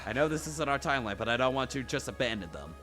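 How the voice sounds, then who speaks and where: A man streaming a visual novel, reading the protagonist's lines and narration aloud in an animated way. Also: mid-range voice, fast talker, faint music behind. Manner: animated, self-mocking, swears freely.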